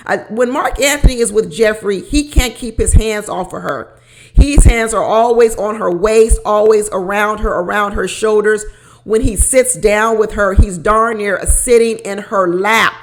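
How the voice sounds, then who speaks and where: A woman hosting a casual reality show recap, animated and laughing often as she repeats her points. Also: mid-range voice. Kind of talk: casual commentary.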